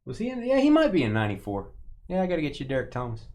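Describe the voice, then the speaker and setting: A man's voice: a little high, wildly swooping pitch, very fast, darkish tone. A man hosting a live sports card break stream, chatting and joking with viewers and greeting them by name. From Texas.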